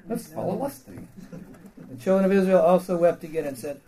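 A man's voice: high voice, normal speed, dark tone, poor audio. A man preaching a sermon, reading old scripture verses and then retelling them in blunt everyday slang with laughs and questions to the congregation.

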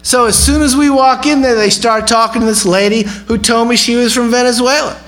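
High-voiced man preaching conversationally. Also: steady tone, fairly quick, a bit bright, rough recording. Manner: conversational, asks the audience questions. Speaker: pastor. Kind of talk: sermon.

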